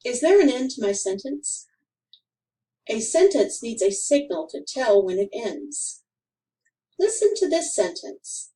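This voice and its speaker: A woman reading a grammar lesson for children aloud, in a careful, deliberate way with clear pauses. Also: a little high, very animated, mellow, recorded from a distance, poor audio. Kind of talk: slow scripted instructional narration.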